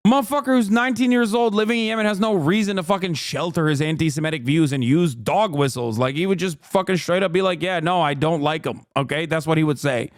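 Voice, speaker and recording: A man's voice: fairly high pitch, quick pace, few pauses, dry recording, clean studio sound. A man streaming, ranting with heated, profane sarcasm while reacting to a clip.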